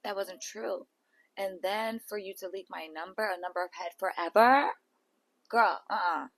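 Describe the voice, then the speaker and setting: A woman voicing a hurt young woman calmly confronting someone who wronged her. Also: medium pitch, gravelly, no echo. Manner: measured, disappointed.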